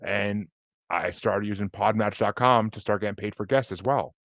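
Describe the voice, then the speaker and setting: A man's voice: lowish voice, moderate pace, a bit bright, dry recording, highs cut off. A man talking as a podcast guest in a laid-back, chatty, rambling way over a video call. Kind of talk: casual interview chat.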